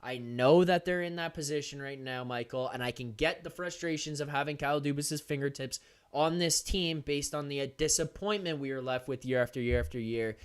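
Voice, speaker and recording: A young man hosting a live sports stream, talking fast and animated straight to his viewers, often laughing. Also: on the high side, clear, resonant tone. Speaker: host of a hockey post-game live stream. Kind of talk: energetic live-stream chat.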